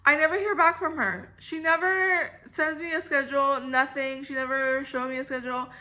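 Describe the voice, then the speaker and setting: A woman's voice: high voice, fairly even intonation, moderate pace, bright, forceful tone. A young woman telling a rambling storytime vlog about her past jobs, full of "like" and "um". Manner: rambling, filler-heavy storytelling. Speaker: vlogger.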